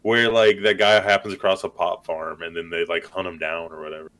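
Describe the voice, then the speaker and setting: A man's voice: low-pitched, level tone, brisk, fairly bright tone. A man in casual chat, wry and swearing freely as he quotes movie characters.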